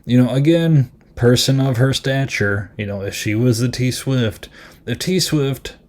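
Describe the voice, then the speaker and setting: A man's voice: mid-range voice, unhurried, a little mellow. A man hosting a podcast and reviewing a film in casual chat, rambling and amused, with lots of ums and likes.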